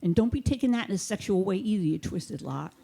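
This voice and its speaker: Deadpan woman doing stand-up. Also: medium pitch, fast, vocal fry, slightly rough. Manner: deadpan, mock-authoritative. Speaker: stand-up comedian. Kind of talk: stand-up comedy set. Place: comedy theater stage.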